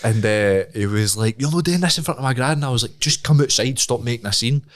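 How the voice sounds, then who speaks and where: A man's voice: mid-range voice, fast. A young Scottish man, a podcast co-host, telling a story in casual chat and acting out the voices of the people in it. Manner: animated, laughing, acts out voices in his stories.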